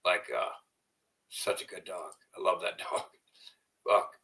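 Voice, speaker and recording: A vlogger talks casually to camera, rambling, profane and repetitive, and at times slips into soft cooing baby talk to his dog. His voice sits low and is expressive and unhurried, captured on a distant mic in a low-quality recording.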